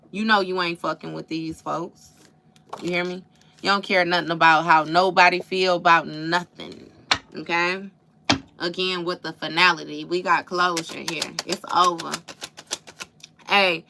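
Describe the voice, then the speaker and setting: A woman's voice: on the low side, bright, forceful tone. A woman giving a casual live tarot reading, slangy and profane, laughing often and calling the listener baby. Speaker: tarot reader.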